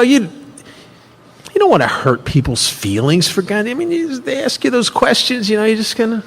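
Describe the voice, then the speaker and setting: A man tells stories to a recovery workshop, his voice swooping up and down with lots of energy and frequent restarts. His voice sits a little high, and a long hall reverb hangs behind him. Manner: animated, repetitive storytelling. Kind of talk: personal storytelling talk.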